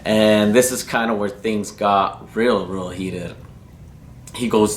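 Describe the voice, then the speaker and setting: A man's voice: on the low side, steady tone, slow, slight background noise. A man from New Mexico casually telling a story about drag racing, slangy and rambling and cursing freely. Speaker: racing vlogger.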